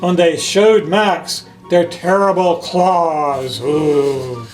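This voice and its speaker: Man, high-pitched, unhurried storytime reader who explains the pictures to kids. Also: faint music behind, poor audio. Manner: gentle, explains the pictures to children; reads each passage in French then in English. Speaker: library director reading a picture book. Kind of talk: children's storytime read-aloud.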